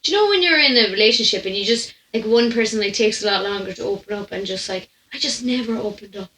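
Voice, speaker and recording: A woman's voice: medium pitch, fast, bright, forceful tone, rough recording. A young Irish woman hosting a storytime podcast, chatting casually and quoting the people in her anecdotes. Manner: chatty, quotes people in her stories, laughs between lines.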